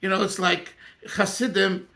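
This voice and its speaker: A man's voice: high voice, fairly even intonation, normal speed, sharp tone. A man teaching a Torah class as rabbi, emphatic and thinking aloud, often restarting his sentences. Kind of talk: animated Torah class discussion.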